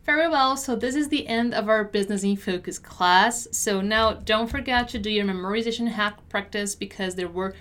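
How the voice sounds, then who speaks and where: A woman teaching business English pronunciation, repeating words and phrases slowly and deliberately for learners to copy. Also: mid-range voice, a bit bright. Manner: slow, deliberate repetition of words. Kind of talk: pronunciation lesson.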